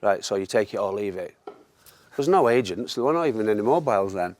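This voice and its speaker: A man, a former footballer telling anecdotes in lively chat, often laughing at his own stories. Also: lowish voice, brisk, no echo.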